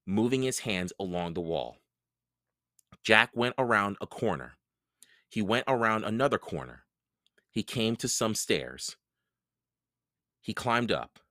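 A man reading a children's book aloud, narrating in a slow, expressive storytelling way. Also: fairly low pitch, no room sound, studio quality.

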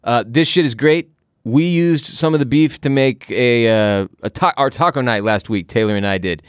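A man's voice: medium pitch, normal speed, clear, resonant tone, dry recording, studio quality. A man co-hosting a podcast in casual chat, blunt and sarcastic with frequent swearing, who also reads the ads. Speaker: podcast co-host.

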